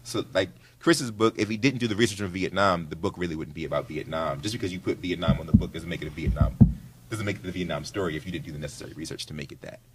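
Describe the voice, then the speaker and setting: Animated man talking on a panel. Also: low-pitched, fast talker, slight background noise. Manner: animated, conversational, many "right?" tags. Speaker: author on a panel. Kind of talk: casual panel talk.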